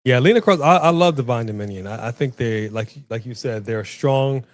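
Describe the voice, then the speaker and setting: A man's voice: medium pitch, brisk, no echo. A man co-hosting a wrestling watch-along stream, chatting casually and calling out to the live chat. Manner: chatty, animated, addresses the chat.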